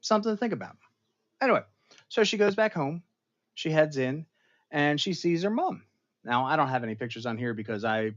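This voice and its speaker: A man hosting a casual pop culture show, retelling a TV episode in an animated, rambling way with big jumps in pitch and loudness. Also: highs cut off. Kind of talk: casual episode recap livestream.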